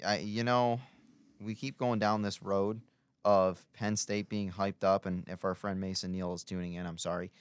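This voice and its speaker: Young male co-host, smooth low voice, chatty reactions and stories, dry studio. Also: flat delivery, dry recording. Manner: chatty, quick reactions, tells anecdotes. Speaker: sports radio co-host. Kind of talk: casual sports talk.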